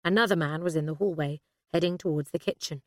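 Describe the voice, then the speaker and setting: A woman narrating an audiobook thriller in a steady, measured way. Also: deep voice, dry recording, studio quality.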